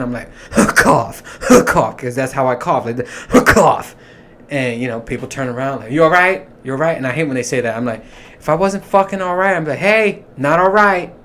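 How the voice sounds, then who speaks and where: A man's voice: mid-range voice, fairly bright tone. Profane, rambling man with faint hiss. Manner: profane, rambling, laughs at his own jokes. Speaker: podcast host. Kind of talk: casual solo monologue.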